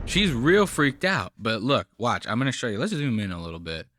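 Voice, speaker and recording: Animated, mocking male commentator. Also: mid-range voice, normal speed, hardly any pauses, slight background noise. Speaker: reaction channel host. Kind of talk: casual commentary over a played clip.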